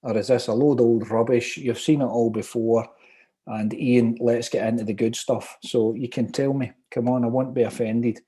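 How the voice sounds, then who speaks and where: A man's voice: medium pitch, fairly even intonation, moderate pace, mellow. A man from Glasgow with a strong Glaswegian Scottish accent, leading an online property training session in a chatty, upbeat way and reading out viewer comments. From Scotland, Glasgow.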